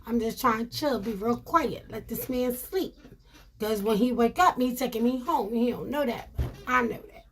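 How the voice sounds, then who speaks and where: A woman telling her viewers a personal story in a casual, animated way, repeating herself and calling them y'all. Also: on the high side, normal speed, a little hiss or hum.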